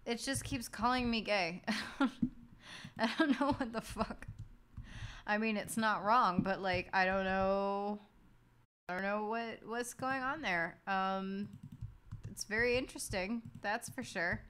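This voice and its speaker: A woman's voice: mid-range voice, unhurried, a bit bright, clear, resonant tone. A woman live-streaming from her desk late at night, very tired, rambling and swearing as she works. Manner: swearing, rambling, laughing at herself. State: very tired, drowsy. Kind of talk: casual live-stream chat while working. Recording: faint background noise.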